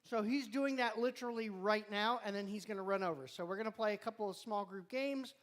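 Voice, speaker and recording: Youth group leader rambling thru announcements, jokey, mouth full of chips, middle pitch. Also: brisk. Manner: chatty, rambling, joking, talks while chewing. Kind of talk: casual live-stream announcements to a youth group. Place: church youth room with students present.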